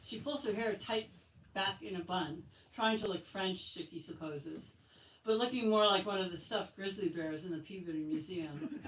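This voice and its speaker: Author reading aloud in an echoey bookstore. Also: female voice, mid-range voice, normal speed, slight background noise. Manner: expressive reading, light laughs. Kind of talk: reading her novel aloud at a bookstore event. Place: bookstore, indoors. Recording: echoey room from far off, faint ambience.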